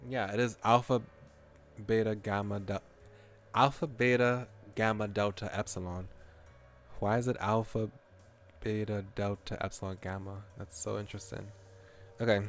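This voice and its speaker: A man's voice: fairly low pitch, level tone, normal speed, soft background music. A man streaming as a VTuber, chatting casually and laughing while he plays a game. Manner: chatty, rambling, laughs often. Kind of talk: casual gameplay commentary.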